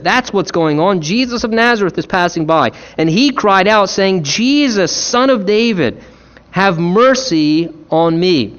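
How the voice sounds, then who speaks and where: A man with a high voice preaches a sermon, earnest and emphatic, and he acts out the lines he quotes. The recording sounds dull and lo-fi. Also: a bit bright.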